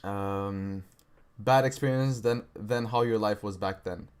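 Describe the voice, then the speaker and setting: A young man with a low-pitched voice hosts a live trading stream. He chats loosely with viewers, peppering his talk with "bro" and "right" and the odd swear. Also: takes it slowly, clear, resonant tone. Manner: casual slangy talk, says bro and right a lot, swears. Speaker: livestream trading host. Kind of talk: casual livestream chat reading viewer questions.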